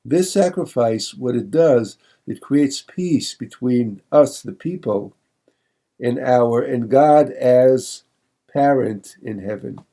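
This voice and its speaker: A man, a rabbi, teaching Torah, quickly reading verses and then translating them slowly with many pauses and fillers, often asking the listener reflective questions. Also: mid-range voice, warm tone.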